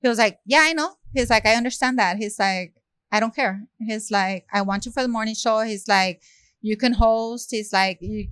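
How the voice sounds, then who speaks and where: A woman tells a story in a relaxed interview, her voice sitting in a middle pitch. She acts out every quoted line and keeps the talk flowing with casual fillers. The sound is close and dry, with no room around it. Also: dry recording. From South Central Los Angeles. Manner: lively, acts out quoted dialogue, many "you know" and "like" fillers. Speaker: rapper, interview guest.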